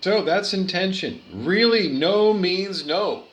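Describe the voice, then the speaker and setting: A man's voice: high voice, expressive, slow pace, a bit bright, muffled recording, soft background music. A man giving an earnest spiritual monologue, repeating his phrases and stumbling over his words. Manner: earnest, repetitive, with stumbles and restarts.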